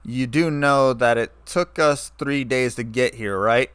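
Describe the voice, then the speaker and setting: A man's voice: mid-range voice, unhurried, a bit bright, smooth, dry recording, lightly acted. A man voicing a brash, teasing young female pony with a smug manner, in a storybook reading.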